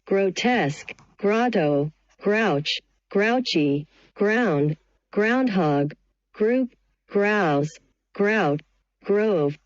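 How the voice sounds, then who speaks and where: A woman's voice: mid-range voice, animated, drawn-out words, no room sound, highs cut off. A woman reading English vocabulary words one at a time, each evenly spaced. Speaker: vocabulary reader. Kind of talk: slow word-list reading.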